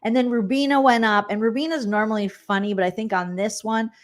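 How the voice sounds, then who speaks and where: A woman's voice: on the high side, fairly even intonation, brisk. Casual livestream host: chatty woman, rambling, acts out quotes.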